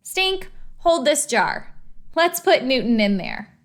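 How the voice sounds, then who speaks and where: Woman voicing a bossy young girl, breezy and teasing, fairly high, lively, storybook reading. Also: slow, exaggerated voice. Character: bossy, confident big sister, a young girl.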